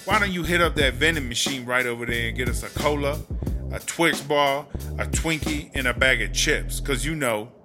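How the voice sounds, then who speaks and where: A man's voice: mid-range voice, pushed and bright. A man voicing a brassy, sassy female inmate in a comedy audio drama, telling a story in slangy, swearing talk over background music. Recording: music playing underneath.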